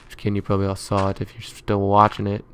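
A man's voice: lowish voice, monotone, quick pace, a bit bright, a little hiss or hum. A man giving rambling let's play commentary, muttering to himself as he plays. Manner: chatty, rambling running commentary; muttering to himself while building. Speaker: gaming YouTuber.

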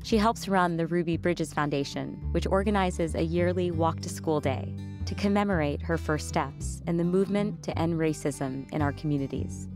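A woman hosting a podcast reads a scripted outro in a measured, clear manner. Her voice sits low, with faint guitar music playing behind her. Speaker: podcast host. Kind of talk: scripted narration.

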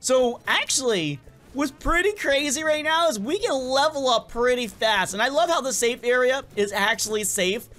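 Excitable rambling gaming commentator man. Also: very high voice, moderate pace, faint music behind. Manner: excitable, rambling, stumbles and repeats words. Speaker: gaming YouTuber. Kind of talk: casual gameplay commentary.

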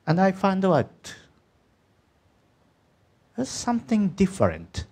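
This preacher's voice sits high and swings hugely in pitch, slow in delivery, darkish and a little rough. He talks to the congregation conversationally, checking in with "isn't it?" and "yeah?", in slightly non-native English marked by small grammar slips.

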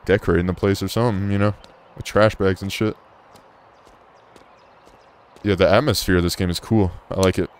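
A man's voice: low voice, steady tone, normal speed, long pauses, a little hiss or hum. A man commentating a horror game he is playing, cursing often, joking and easily startled. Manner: profane, jumpy and joking. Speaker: gaming YouTuber.

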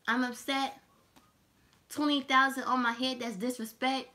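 Bright, high-voiced woman reading tarot. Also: a little slow, long pauses, slight background noise. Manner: animated, laughing, profane and teasing. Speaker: tarot reader.

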